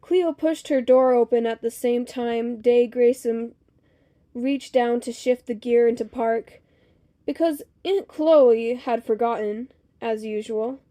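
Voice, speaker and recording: High-voiced woman reading a novel aloud. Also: slow. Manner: steady storytelling with small slips. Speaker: reader.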